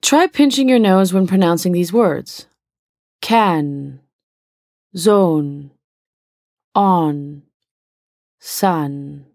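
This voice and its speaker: A woman narrating a pronunciation lesson in a slow, careful, instructional way. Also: mid-range voice, darkish tone, dry recording, studio quality. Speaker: language course narrator.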